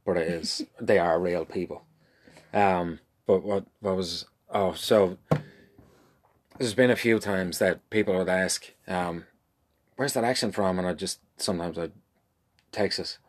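A man's voice: deep voice, fairly even intonation, a little slow. An Irish man co-hosting a podcast, telling joking stories in casual chat and laughing often. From Ireland. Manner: joking, laughs a lot, self-deprecating. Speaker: podcast co-host.

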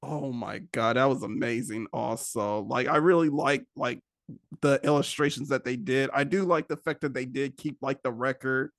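A man's voice: medium pitch, fairly even intonation, normal speed, no echo. Easygoing man on a dry mic. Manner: easygoing, hesitant, full of fillers. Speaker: podcast guest. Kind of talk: casual podcast chat.

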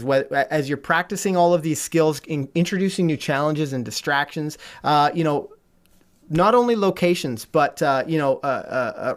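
A man dog trainer on a podcast, explaining training methods thoughtfully with frequent pauses and fillers. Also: fairly high pitch. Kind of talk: instructional podcast chat.

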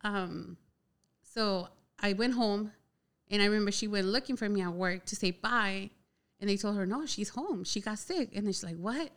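A woman's voice: medium pitch, moderate pace. Chatty young woman telling a story. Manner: chatty, heavy use of "like" filler, animated retelling. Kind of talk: casual personal storytelling.

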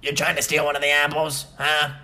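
A man doing a gruff, raspy old tree. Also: monotone, fairly quick, bright, forceful tone. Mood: scolding. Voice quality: deep and raspy. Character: grumpy old tree, gruff male guardian.

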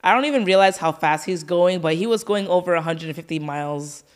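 Animated woman telling a story. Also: lowish voice, a little fast. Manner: animated storyteller, acts out dialogue. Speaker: podcast co-host. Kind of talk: casual storytelling chat.

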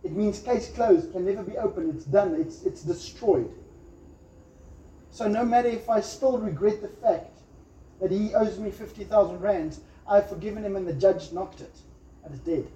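A man's voice: high voice, moderate pace, dark tone. A man preaching a sermon emphatically, acting out little quotes and prayers. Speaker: pastor. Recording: echoey room, slightly dull sound.

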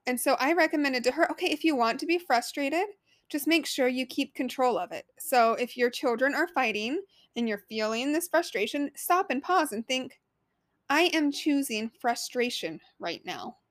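A woman's voice: high-pitched, lively intonation, moderate pace, no echo, clean studio sound. A woman in her thirties hosting a solo podcast as a life coach, talking earnestly and conversationally and asking the listener questions.

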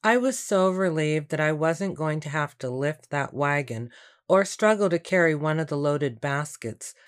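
Woman reading a story, lowish voice, calm and steady, no rush. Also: moderate pace, clear, resonant tone. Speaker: audiobook narrator. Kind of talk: scripted storybook narration.

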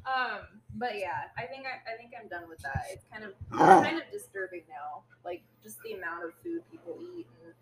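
A woman's voice: a little high, very animated, fairly quick, few pauses, low-quality recording. A young woman co-hosting a casual podcast with her husband, laid-back and a little hesitant. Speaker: co-host, host's wife.

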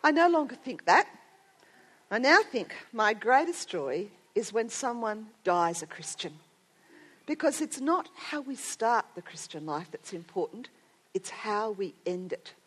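A woman's voice: medium pitch, sing-song, unhurried, a bit bright, slightly rough. A middle-aged woman giving a sermon to women, telling a story earnestly and building to strong emphasis. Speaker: speaker at a women's gathering.

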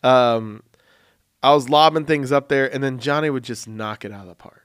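A young man hosting a podcast, talking in a rambling, jokey, animated way. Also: medium pitch, normal speed, clear, resonant tone, dry recording, clean studio sound. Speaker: podcast host. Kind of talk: casual chat.

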